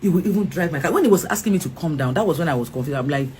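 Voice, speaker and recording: Animated Nigerian woman retelling an ordeal. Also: deep voice, very fast, slight background noise. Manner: animated, acts out quoted dialogue, frequent restarts. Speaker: actress and interview guest. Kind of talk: emotional storytelling interview.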